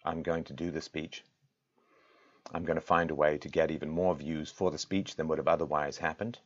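A man hosting his own show, speaking straight to his audience with impassioned, rhetorical delivery that swings from loud peaks to quiet intensity. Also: extremely low pitch, fairly even intonation, moderate pace, lo-fi sound. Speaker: show host. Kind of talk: direct-to-camera address.

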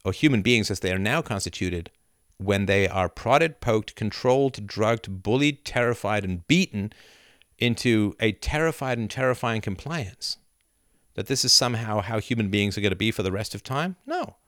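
A middle-aged man hosting a live video chat, reading viewer comments aloud and riffing with animated laughter. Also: fairly low pitch, moderate pace, no room sound, clean studio sound. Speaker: livestream host answering chat. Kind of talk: casual live-stream chat. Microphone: camera and mic on a live video chat.

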